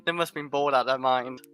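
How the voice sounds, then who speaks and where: A man co-hosting a live football review, stammering and restarting often, with quick laughs. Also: medium pitch, sharp tone, clear, resonant tone. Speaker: football podcast co-host. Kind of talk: casual live chat.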